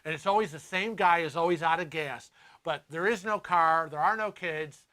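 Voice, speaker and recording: An older man hosting a casual livestream chat, lively, laughing often and acting out the voices of people he quotes. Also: on the high side, normal speed. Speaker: host.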